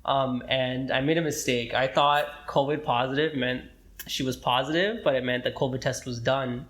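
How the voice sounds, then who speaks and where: A man's voice: medium pitch, fairly even intonation, moderate pace, a bit bright. Profane, rambling young man telling a story. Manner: rambling, profane, acts out quoted dialogue, frequent throat clearing. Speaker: podcast co-host, medical student. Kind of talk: casual storytelling chat.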